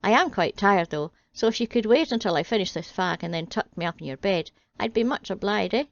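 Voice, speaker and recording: A woman's voice: medium pitch, animated, fairly quick, no room sound, highs cut off, natural voice. A woman voicing a small, crude, demanding male frog in a storybook parody, talking in a brash, mocking way. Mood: cheeky.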